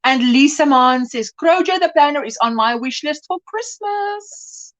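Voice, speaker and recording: A woman's voice: high voice, lively intonation, a little slow, fairly bright tone, dull audio. A woman hosting a casual crochet livestream, chatting, reading out viewer comments and laughing often.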